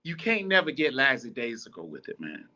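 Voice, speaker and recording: A man's voice: mid-range voice, wildly swooping pitch, brisk, pushed and bright, dull audio. A man hosting a podcast, giving blunt, profane advice in a casual, preachy, repetitive monologue. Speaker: podcast host.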